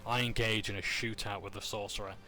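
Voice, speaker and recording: Talking fairly quickly with a flat delivery, a man with a fairly low voice runs through a tabletop game session in a casual way. Fillers, jokes and self-corrections pepper his recap.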